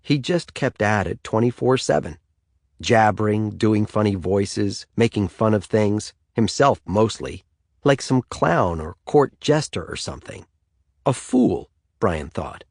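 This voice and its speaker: A man narrating an audiobook in the third person with an expressive delivery. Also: fairly low pitch, unhurried, dry recording, clean studio sound.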